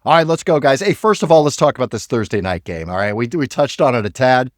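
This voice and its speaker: A man's voice: medium pitch, quick pace, dry recording, clean studio sound. Hyped-up man talking fantasy football. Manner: hyped, animated, sarcastic asides. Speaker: podcast co-host. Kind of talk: energetic sports talk.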